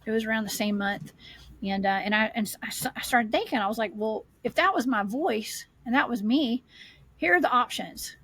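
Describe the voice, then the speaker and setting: A woman guest on a casual podcast, rambling through her story with lively energy. Her voice sits a little high and comes out husky and breathy. The sound is close and dry. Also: a little fast, no room sound. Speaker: guest, paranormal investigator.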